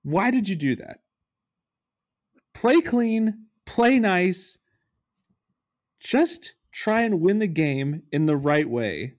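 A man co-hosting a casual sports podcast, ranting in an animated way and swearing freely. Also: high voice, slow pace, pauses often. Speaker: podcast co-host.

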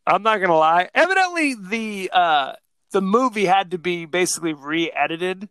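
A man's voice: high voice, lively intonation, moderate pace, pushed and bright, clean tone, no room sound, clean studio sound. A man co-hosting a podcast in casual chat, rambling along with frequent fillers. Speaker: podcast co-host.

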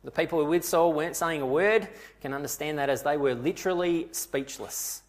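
A man's voice: a little high, fairly quick. A man preaching a sermon, retelling scripture vividly and asking his listeners rhetorical questions.

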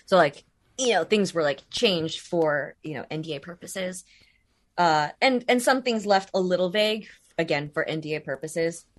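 A woman voice actor, speaking at a moderate pace in a lowish voice, chats casually as an interview guest. She rambles, restarts often, fills gaps with fillers, and laughs easily.

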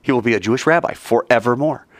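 A man teaching about the Bible and taking questions, playful and animated, acting out scenes with little sound effects. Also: medium pitch, quick pace, no echo, clean studio sound.

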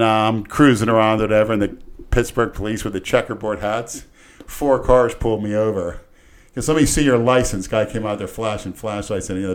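Middle-aged guy from florida rambling through wild stories, lowish voice, loud bits when he does the cops. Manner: rambling, acts out cops' voices loudly. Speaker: podcast regular telling stories. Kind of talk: casual storytelling chat.

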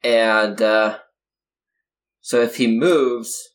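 A tabletop game player who describes actions hesitantly, with many pauses and filler sounds. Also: medium pitch, fairly even intonation. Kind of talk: casual tabletop play.

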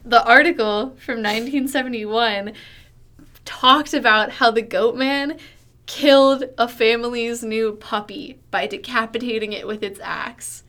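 A woman co-hosting a casual podcast, eagerly relaying strange facts from her research. She giggles easily. Her voice sits a little higher than most women's. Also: steady tone, measured pace, pushed and bright. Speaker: podcast co-host. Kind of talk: casual chat, reading out story research.

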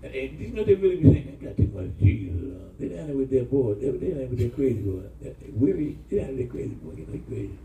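A middle-aged man pastor, preaching an animated sermon with call-and-response to his congregation. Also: medium pitch, quick pace, creaky, few pauses, recorded from a distance, a little hiss or hum. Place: church hall. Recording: echoey church room, mic from afar, congregation.

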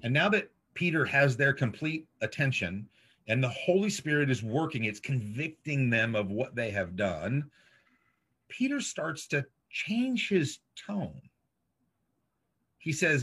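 A man preaching a sermon as a pastor, emphatic and dramatic, letting his voice sink low at the ends of points. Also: very animated, a bit bright, slightly rough. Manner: slow, emphatic preaching with dramatic drops in volume. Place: streamed over video call. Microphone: video call mic.

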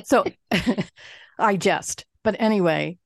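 Woman podcast co-host, lively storyteller who does the other voices, close and dry. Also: mid-range voice, slow, gravelly, dry recording. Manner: animated storyteller, swears, mimics others. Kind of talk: casual chat.

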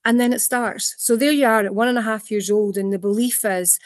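Talking a little high and fairly fast with hardly a pause, a woman who works as a trauma therapist gives long, story-filled explanations in an interview. She acts out quotes animatedly and frequently restarts her sentences. Her recording is studio-clean, without any room sound.

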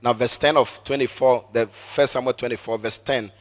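A man preaching a sermon emphatically, repeating phrases for emphasis and swinging from hushed asides to shouted exclamations. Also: mid-range voice, steady tone, normal speed.

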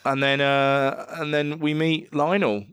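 A man's voice: a little high, level tone, measured pace, fairly bright tone, smooth, no echo, clean studio sound. A man in casual film-review chat with friends, swearing often and laughing as he recaps scenes. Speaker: podcast co-host.

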